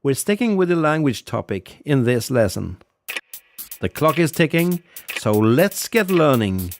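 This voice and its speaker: A man teaching a scripted audio language lesson, patiently repeating phrases slowly for learners. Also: medium pitch, big pitch swings, soft background music.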